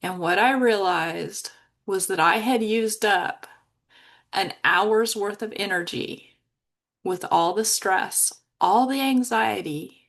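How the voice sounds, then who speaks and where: A woman's voice: medium pitch, slow pace, fairly bright tone. A woman hosting her own podcast, telling a personal story in an emotional, reflective way, close to tears at times. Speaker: podcast host.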